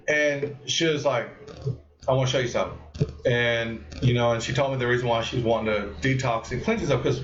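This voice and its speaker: A man hosting a live stream, telling a story in a rambling, animated way and acting out what others said. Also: mid-range voice, quick pace, distant mic. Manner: rambling, animated, with lots of restarts and acted-out quotes. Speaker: host of a live cannabis stream. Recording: muffled echoey room, voice off-mic.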